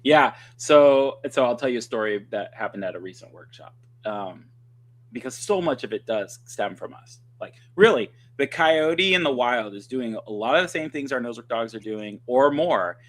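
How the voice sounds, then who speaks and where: A man speaking as a guest dog trainer on a livestream, telling stories in an animated, conversational way with quick restarts. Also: medium pitch. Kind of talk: casual conversation. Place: livestream video call.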